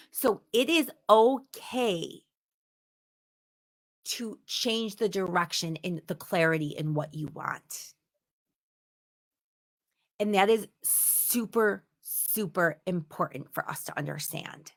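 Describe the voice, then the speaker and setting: A female instructor with a medium-pitched voice delivers a motivational teaching talk at an unhurried pace. She speaks emphatically, repeating words to stress them.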